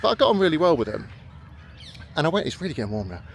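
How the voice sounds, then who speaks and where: A man's voice: a little high, big pitch swings, very fast, creaky. A middle-aged man talking casually while walking in a park, telling stories and acting out what people said. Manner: chatty storytelling, acts out quoted voices. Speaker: vlogger. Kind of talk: rambling walk-and-talk vlog. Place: outdoors in a park. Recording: faint outdoor background noise.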